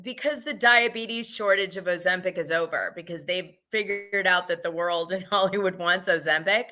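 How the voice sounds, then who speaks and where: A woman's voice: fairly low pitch, normal speed, sharp tone. A woman hosting a casual gossip live stream, talking frankly and laughing often. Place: home, Los Angeles area.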